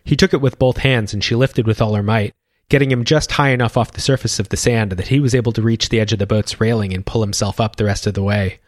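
A man reading a children's adventure story as narrator, calm and even. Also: fairly low pitch, fast talker, no room sound, clean studio sound. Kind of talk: scripted narration.

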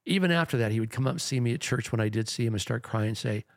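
A man's voice: mid-range voice, racing, creaky, no echo, studio quality. A man who is a pastor, telling a long story in a rambling, earnest podcast chat.

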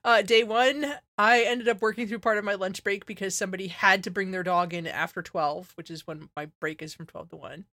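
A woman's voice: medium pitch, a little fast, hardly any pauses, dry recording. Chatty woman vet with a dry close sound. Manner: animated storyteller, acts out her own quotes; many fillers like "like" and "you know". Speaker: veterinarian, podcast co-host. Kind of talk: casual podcast chat.

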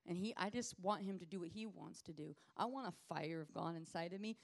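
A woman ministry leader giving an informal teaching sermon in a lively, conversational way, acting out the people she talks about. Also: on the low side, a little fast, creaky. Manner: lively conversational preaching, acts out quoted people.

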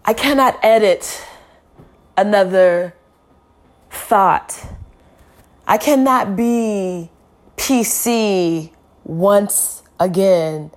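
A weary woman speaking a slow, deliberate, heavy lament in a spoken-word style. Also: medium pitch.

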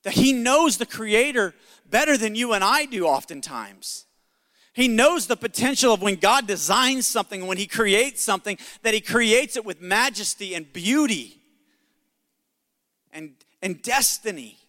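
A man's voice: sits high, animated, unhurried, sharp tone, long reverb tail. A male pastor preaching a sermon in an emphatic, conversational way with jokes.

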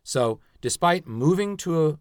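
A man's voice: on the high side, lively intonation, slow pace, no echo, studio quality. A man hosting a casual true-crime podcast, explaining the case with hesitant stops and restarts. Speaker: podcast host.

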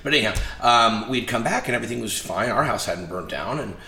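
Speaking fast at medium pitch, this interview guest spins casual stories with lively energy, performing each line of quoted dialogue himself. The room echoes, and there's a faint noise underneath.

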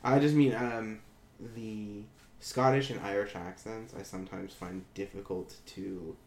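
A man's voice: on the low side, steady tone, unhurried, a little mellow. A man chatting casually as a podcast host, rambling with many restarts and hesitations. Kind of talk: casual chat. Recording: echoey room with faint noise.

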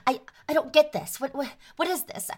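A woman's voice: sits high, measured pace. A woman playing an anxious, insistent sister. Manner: insistent, stammering restarts, pleading. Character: earnest anxious young woman, worried sister. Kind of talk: tabletop role-play acting.

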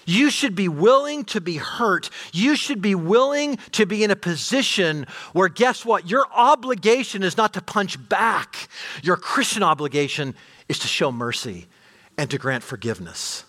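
A middle-aged man preaching a sermon to his congregation, animated, with rhetorical questions and rising intensity. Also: high voice, moderate pace. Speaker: pastor.

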